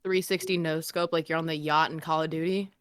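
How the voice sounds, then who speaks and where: A young woman with a lower, smooth, resonant voice chats on a casual stream. She jokes with dry, sarcastic delivery. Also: level tone, a little fast. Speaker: co-streamer friend.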